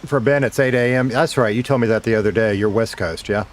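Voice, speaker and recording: A man's voice: medium pitch, fast talker. A man streaming a game, chatting casually and rambling between talking to himself and greeting his viewers. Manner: rambling, talks to himself and to chat. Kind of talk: casual livestream chat while gaming.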